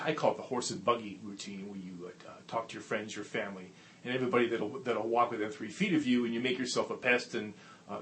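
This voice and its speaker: A man's voice: medium pitch, slight background noise. Folksy motivational man on a tablet mic. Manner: folksy, animated storyteller; earnest, motivational. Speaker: network marketing trainer and show host. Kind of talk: casual to-camera video talk and storytelling. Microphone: tablet's built-in mic.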